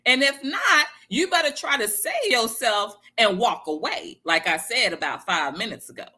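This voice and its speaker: A woman's voice: on the high side, lively intonation, normal speed, sharp tone. A woman giving a casual motivational talk, emphatic and repeating her key phrases to viewers. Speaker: motivational speaker.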